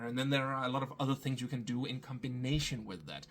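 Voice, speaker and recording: A man in a casual spoken tutorial, a voice actor sharing tips at an easy, thinking-aloud pace. His pitch sits in the middle, and he often restarts his words. His English accent is not American. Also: fast talker, few pauses. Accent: non-American English. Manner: relaxed, explanatory, thinks aloud with small restarts.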